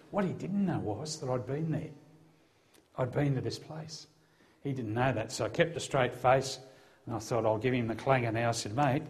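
A middle-aged man, a former police officer, gives a personal testimony to a live audience in a conversational way, acting out the dialogue with a lifted voice. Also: medium pitch. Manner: conversational storyteller who acts out the dialogue, lifting his voice for quotes.

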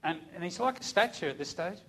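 High-voiced man telling an emotional testimony. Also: lively intonation, fast talker, a bit bright. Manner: vivid storyteller, voice rising and falling with emotion. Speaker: preacher, former police officer.

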